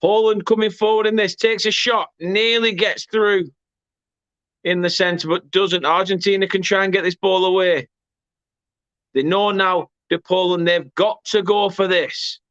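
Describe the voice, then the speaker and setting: An English man hosting a live football watchalong, calling the action in an excitable way and correcting himself as he goes. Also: sits high, a little slow, no echo, dull audio. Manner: excitable, self-correcting, erupts at goals. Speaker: watchalong host. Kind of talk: live match commentary.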